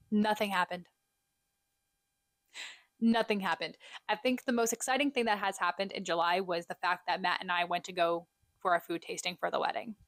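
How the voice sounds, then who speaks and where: A young woman co-hosting a podcast, catching up in a chatty, self-deprecating, animated way. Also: medium pitch, no echo. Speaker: podcast co-host. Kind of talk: casual solo catch-up chat.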